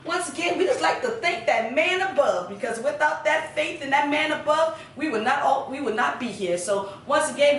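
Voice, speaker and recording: A woman's voice: high-pitched, fairly bright tone, far from the mic, a little hiss or hum. A middle-aged Southern woman hosting a casual cooking video in her home kitchen, chatty and homey, full of sayings. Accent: Southern American. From Southern United States. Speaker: cooking channel host. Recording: roomy kitchen sound from the camera, a little off-mic.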